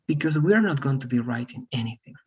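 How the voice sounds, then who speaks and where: A man's voice: mid-range voice, expressive, fast talker, a little mellow, husky, muffled recording. A man teaching an English lesson over a video call, patient, often checking in with "right?". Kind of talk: one-on-one online English lesson.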